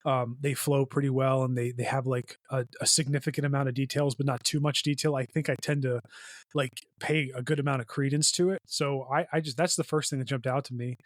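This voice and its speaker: A man chats casually as a podcast co-host, circling his points with frequent fillers. His voice is mid-pitched and recorded close on a dry mic. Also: fairly even intonation, fairly quick, dry recording. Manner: rambling, heavy "like" and "you know" fillers. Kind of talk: casual chat.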